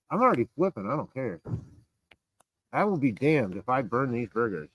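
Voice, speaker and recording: Casual live-stream host, a rambling, cursing man, lively pitch, dry close sound. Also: normal speed, pauses often, no room sound, poor audio. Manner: rambling, swearing, reading chat aloud. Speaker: livestream host. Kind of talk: casual live-stream chat while cooking outdoors. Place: outdoors in a rural area.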